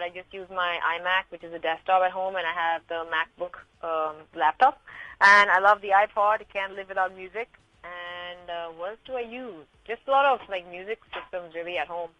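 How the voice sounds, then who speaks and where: A young woman, a reality show contestant, chatting in a radio interview in a bubbly, quick way, laughing often and saying "like" and "man" a lot. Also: lowish voice, fairly even intonation, pushed and bright, no echo, lo-fi sound. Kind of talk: casual interview chat.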